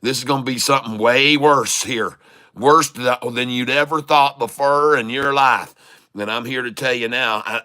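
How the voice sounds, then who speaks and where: Man, trading livestream host, bright voice, folksy crude humor with chuckles. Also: medium pitch. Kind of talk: casual rambling livestream commentary.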